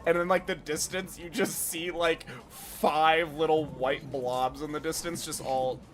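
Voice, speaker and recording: A man's voice: on the high side, fairly even intonation, measured pace, crowd noise. A young man narrating a tabletop game as game master, loose and giggly, swearing casually.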